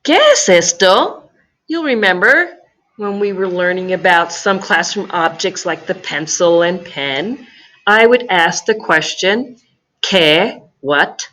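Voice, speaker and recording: A woman gives a recorded grammar lesson. She speaks slowly and patiently, with a somewhat low voice. She repeats each key phrase so it sinks in. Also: animated, a bit bright. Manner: slow, patient explaining with careful repetition. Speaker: Spanish teacher.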